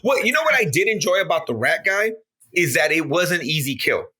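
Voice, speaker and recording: An excitable man in loose podcast banter, swearing freely and jumping into voices to replay movie moments. His voice sits high and swings widely, with a very bright, forceful edge. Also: fairly quick, breathy edge. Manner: excitable, swears a lot, acts out scenes in voices. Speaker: podcast co-host. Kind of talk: casual chat.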